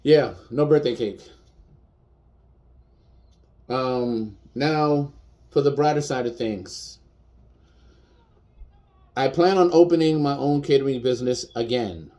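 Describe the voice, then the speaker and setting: A man's voice: medium pitch, slow pace, pauses often, dark tone. A man in his fifties, a chef, speaking bluntly and defiantly in a personal video rant, repeating his points for emphasis. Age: 50s.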